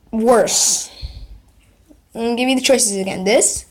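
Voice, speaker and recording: A woman's voice: on the high side, takes it slowly, pauses often. A woman vlogger in casual chat, playing sound effects from an app and reacting with giggly, playful commentary.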